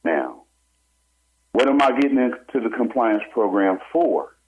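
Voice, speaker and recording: A man's voice: fairly low pitch, very animated, measured pace. A man, a barber and homeowner, telling his own story to a talk show host with urgency and acting out what other people said. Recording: slightly muffled with faint noise.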